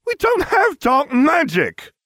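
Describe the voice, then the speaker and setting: A man's voice: high-pitched, huge pitch swings, normal speed, a little mellow, no echo, studio quality, pitched above the performer's own voice, heavily acted. A man voicing an eager, gullible teenage schoolboy. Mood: anxious. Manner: yelping, whiny.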